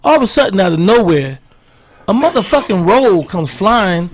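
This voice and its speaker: A middle-aged man and comedian guest, telling animated stories and acting out the quotes in casual podcast banter. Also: sits high, moderate pace. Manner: animated storyteller, acts out quotes. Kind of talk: storytelling banter.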